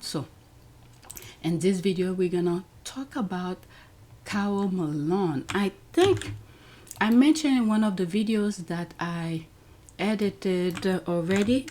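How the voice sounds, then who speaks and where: Reacting to on-screen clips for her own online channel, this YouTube commentator speaks in a lowish, darkish voice. Her casual chat is peppered with exclamations, and there's slight background noise.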